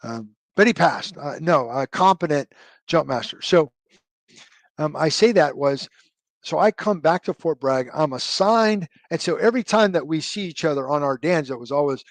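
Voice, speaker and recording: A man's voice: on the high side, animated, normal speed, no room sound. A man in his fifties, a retired army officer, telling a long military story as an interview guest with many fillers and self-corrections. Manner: rambling, many fillers and restarts, loose military jargon.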